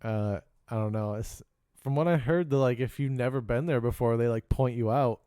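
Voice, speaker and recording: A man's voice: mid-range voice, moderate pace, dark tone, clear, resonant tone, no room sound, studio quality. A man co-hosting a podcast in casual chat, hesitant and easygoing as he reacts. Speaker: podcast co-host.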